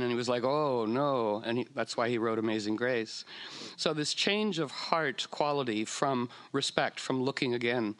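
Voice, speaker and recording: A man's voice: mid-range voice, fairly bright tone. A man telling a story in a loose, meandering way, with frequent fillers and restarts, sometimes slipping into silly voices. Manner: meandering, playful, puts on silly voices for whales. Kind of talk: casual storytelling talk.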